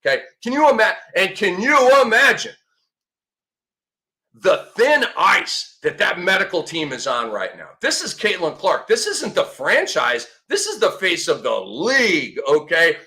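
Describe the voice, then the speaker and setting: Man in his fifties, sports show host, lively swooping voice, bright and high, sarcastic. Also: a little slow. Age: 50s. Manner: sarcastic, excitable, breaks into mock shouting. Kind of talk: animated sports commentary.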